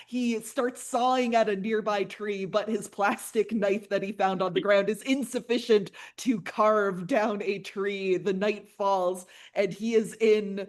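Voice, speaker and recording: A woman's voice: medium pitch, fairly even intonation, a little slow, hardly any pauses. A woman workshop instructor playfully narrating her comic aloud, with laughs between lines.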